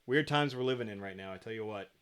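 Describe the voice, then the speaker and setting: A man's voice: fairly low pitch, quick pace, a bit bright, clear, resonant tone. A middle-aged man co-hosting a podcast, chatting casually in a rambling way and swearing freely into a podcast mic. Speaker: podcast co-host.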